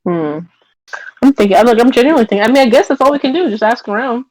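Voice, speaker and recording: A woman's voice: a little high, expressive, fast, darkish tone, no room sound, poor audio. A woman playing in a tabletop game, joking around in casual chat. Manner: jokey, playful. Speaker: player.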